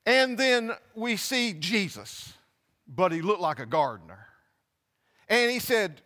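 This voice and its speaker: A man preaching a sermon, telling a scripture story with halting restarts and acting out the voices. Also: high-pitched, very animated, sharp tone, long reverb tail. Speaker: pastor. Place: church.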